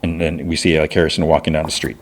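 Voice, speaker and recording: A man's voice: rumbling low, level tone, fast talker. A man hosting a podcast, casually recapping a TV episode in a rambling way, full of restarts and "he's like". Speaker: podcast host.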